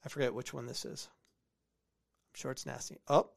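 A man's voice: medium pitch, level tone, normal speed, gravelly. A man hosting a show about soccer clips, giving casual, opinionated commentary and repeating phrases for emphasis. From United States. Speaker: podcast host reviewing soccer clips.

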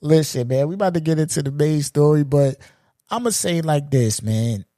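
A man in his forties hosting a solo podcast, ranting in a loose, profane, animated way and laughing at his own jokes. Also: a little high, normal speed, no echo, clean studio sound. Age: 40s. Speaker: podcast host. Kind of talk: solo comedic podcast rant.

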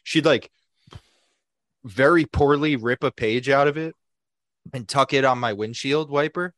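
A young adult man co-hosting a podcast, telling a story in a casual, animated way, swearing freely and acting out what other people said. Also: medium pitch, measured pace, no echo, studio quality. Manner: animated, profane, acts out quoted people. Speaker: podcast co-host.

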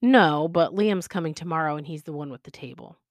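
A woman's voice: low voice, brisk, no echo, clean studio sound, close to an everyday voice. A woman reading aloud the lines of a cheerful, chatty young man proudly showing off his run-down house. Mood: upbeat. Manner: upbeat, chatty.

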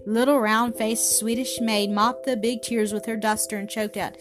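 A woman's voice: fairly high pitch, steady tone, moderate pace. Woman reading a story over music. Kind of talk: scripted narration. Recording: music playing behind the voice.

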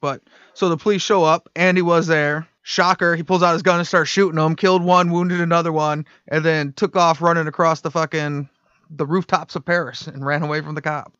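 A man's voice: on the high side, fairly even intonation, brisk, a bit bright, clear, resonant tone, no echo, highs cut off. A man co-hosting a podcast, telling the story in a loose, casual way and laughing often. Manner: laid-back, laughs often, swears casually. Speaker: podcast co-host, story narrator.

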